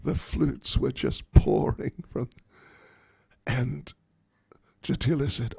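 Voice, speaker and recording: A monk giving a sermon, telling a story in an animated, playful way. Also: male voice, mid-range voice, slow pace, creaky, long pauses, husky, no room sound.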